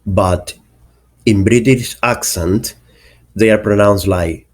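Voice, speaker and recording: Slow, low-voiced male English teacher. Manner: careful, deliberate enunciation of example words. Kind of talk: explaining pronunciation lesson.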